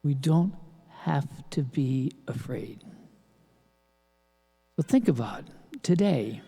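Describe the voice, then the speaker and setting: An older man preaching a sermon as pastor, halting with restarts and rhetorical questions. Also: on the high side, expressive, creaky, mellow, breathy edge. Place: large church. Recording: long church reverb.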